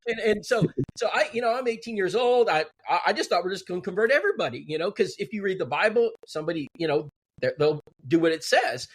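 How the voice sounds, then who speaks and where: A middle-aged man telling a story in casual, animated talk and acting out what others said. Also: high-pitched, quick pace, husky. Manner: animated, quoting others in dialogue. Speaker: guest telling a testimony.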